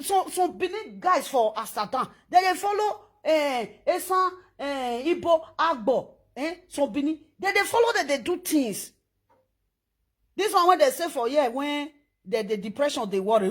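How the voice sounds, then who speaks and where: A woman speaking in a Nigerian Pidgin accent, ranting loudly and scolding on social media. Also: high-pitched, moderate pace. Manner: animated, loud and scolding, switching between pidgin and English.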